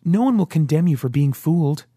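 A man's voice: fairly high pitch, expressive, brisk, mellow, breathy edge, no room sound, clean studio sound, pitched above the performer's own voice. A man voicing an urgent young woman. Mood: bitter, pleading. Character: young woman friend, anxious then pleading.

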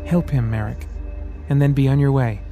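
A man voicing a possessed boy who speaks in a slow, mighty, solemn voice in an audiobook. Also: mid-range voice, fairly even intonation, warm tone, faint music behind, close to an everyday voice. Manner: slow, grand, commanding. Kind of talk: audiobook character voice.

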